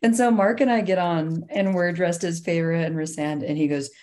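Woman, co-host, lowish voice, animated, laughing storyteller. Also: moderate pace. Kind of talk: casual storytelling in chat.

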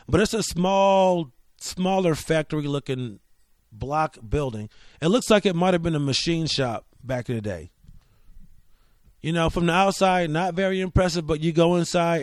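A man's voice: on the high side, darkish tone, dry recording, clean studio sound. A man hosting a comedy podcast, telling road stories in a loose, profane, joking ramble. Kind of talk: casual solo storytelling.

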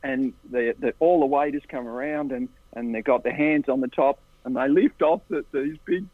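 An Australian man tells relaxed, animated anecdotes in a husky, breathy voice. The sound is thin and phone-like, heard through a tinny line. The recording is dry, with no room behind him. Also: moderate pace, hardly any pauses, dry recording. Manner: animated, jumps into higher voices for the people in his stories. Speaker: interview guest. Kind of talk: casual anecdotal storytelling.

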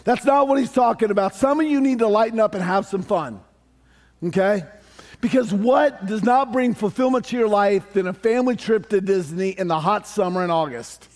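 A middle-aged pastor delivers a sermon in a high voice at normal speed. His preaching is conversational and animated, sprinkled with humorous asides to the congregation.

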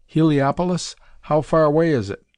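A man's voice: fairly high pitch, a little slow, darkish tone, no echo, close to an everyday voice. A man voicing a tired, shaken aviator who keeps asking incredulous questions. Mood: puzzled. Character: startled weary male aviator.

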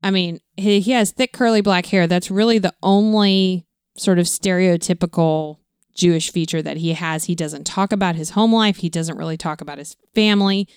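Smooth-voiced woman explaining patiently. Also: on the low side, steady tone, moderate pace, a little mellow, no echo, clean studio sound. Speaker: co-host, parent. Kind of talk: casual film discussion.

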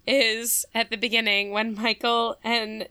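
A woman's voice: fairly high pitch, flat delivery, measured pace, pushed and bright, smooth, dry recording. A woman co-hosting a casual TV recap podcast, dry and wry in her comments. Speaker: podcast co-host.

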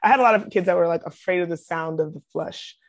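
A woman in casual chat, chiming in with quick frank comments and reactions. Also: lowish voice, no echo.

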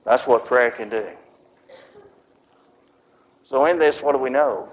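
Folksy male preacher, high voice, muffled. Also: very animated, moderate pace. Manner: folksy storytelling, acts out little scenes. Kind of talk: sermon. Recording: muffled lo-fi recording.

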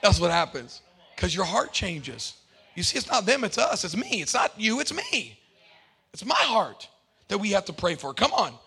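Male preacher, bright and edgy tone, animated, joking with his congregation. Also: high voice, normal speed, gravelly, slightly rough. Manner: animated preaching, swings from loud to hushed; playful asides to the congregation. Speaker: pastor. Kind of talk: sermon.

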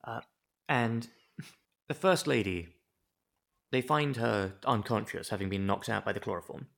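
A man co-hosting a comedy podcast, recapping a show in a wry, deadpan way. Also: fairly low pitch, a little slow, gravelly. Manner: wry, deadpan, chatty with digressions. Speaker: podcast co-host.

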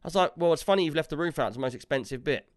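A man's voice: on the high side, racing. A man telling a long story in casual chat, quoting the people he argued with. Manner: animated storytelling, quotes others in dialogue.

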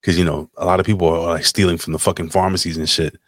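Deep-voiced man telling a profane story. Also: little pitch movement, fast, dry recording, studio quality. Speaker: podcast host. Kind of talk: casual storytelling chat.

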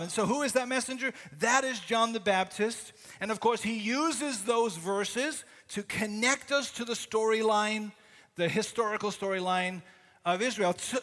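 A man's voice: high-pitched, a bit bright, big-room sound. A man preaching a sermon as pastor, earnest and building to impassioned emphasis as he quotes scripture.

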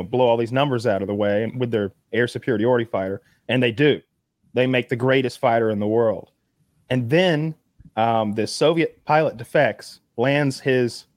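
A man's voice: mid-range voice, a little mellow, no room sound, clean studio sound. A man on a casual chat podcast, telling stories in a rambling way with many restarts and fillers. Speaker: podcast co-host.

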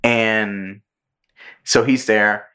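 A man co-hosting a podcast in casual chat, telling stories with high-pitched character voices. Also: extremely slow. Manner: animated storyteller, jumps into high voices for cartoon characters. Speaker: podcast co-host.

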